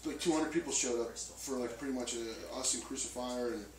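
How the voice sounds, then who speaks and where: A man's voice: mid-range voice, a little fast. Rambling man in a roomy room. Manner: loose, rambling with many fillers. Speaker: band member. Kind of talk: casual interview chat. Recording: roomy, distant mic, faint noise.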